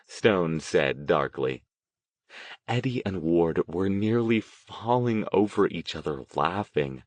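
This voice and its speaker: Brief: male audiobook reader, lowish voice, animated delivery, dry close sound. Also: slow, no echo. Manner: expressive storytelling. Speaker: audiobook narrator. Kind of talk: scripted narration.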